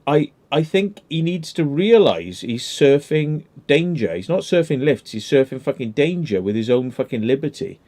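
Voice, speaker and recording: A man's voice: fairly high pitch, big pitch swings, moderate pace, few pauses, a little mellow. A man, hosting a casual commentary chat, blunt and emphatic with heavy swearing. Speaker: channel host.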